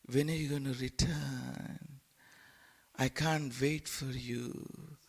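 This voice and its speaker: A man voicing a young woman on wartime radio who softly and slowly pleads for her lover to come home. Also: medium pitch, fairly even intonation, vocal fry, husky, heavily acted. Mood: longing. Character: young female wartime radio voice, sweet and longing.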